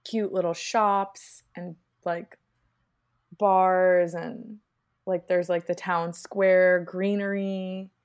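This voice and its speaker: A young woman with a slightly low voice chats as a podcast co-host. She is laid-back and slangy, and she teases her friend in an easy, relaxed rhythm. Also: very slow, clean tone. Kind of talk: casual chat.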